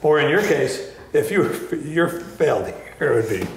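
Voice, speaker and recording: A man's voice: fairly high pitch, sing-song, normal speed, vocal fry, slight background noise. A man from New Jersey, an author as interview guest, talking casually and chuckling often. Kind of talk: casual conversation. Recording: echoey room.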